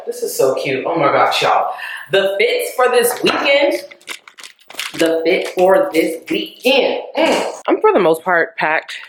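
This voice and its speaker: A young woman chatting casually to camera in a vlog, rambling and laughing often. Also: rumbling low. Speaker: beauty vlogger.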